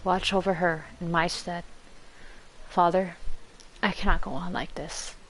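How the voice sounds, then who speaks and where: A woman's voice: on the low side, flat delivery, a little slow, fairly bright tone, slight background noise, low-quality recording. Woman reading as a dying devoted son. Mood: pleading.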